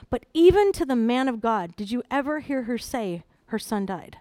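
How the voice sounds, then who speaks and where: A middle-aged woman preaching a sermon, animated, moving between hushed personal storytelling and loud, emphatic exhortation. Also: a little high, moderate pace, no room sound.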